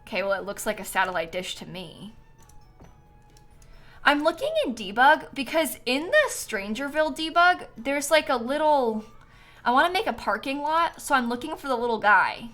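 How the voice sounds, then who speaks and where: A woman's voice: sits high, expressive, normal speed, fairly bright tone, soft background music. A woman hosting a livestream, chatting casually and giggling while she plays a game and thanks viewers for donations. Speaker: livestream host. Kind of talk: casual chat while gaming.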